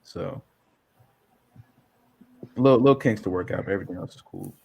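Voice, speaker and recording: A man co-hosting a casual wrestling podcast, talking in an animated, swearing manner. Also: low-pitched, normal speed, vocal fry, breathy edge. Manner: animated, swearing, laughing banter. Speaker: podcast co-host. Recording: faint background noise.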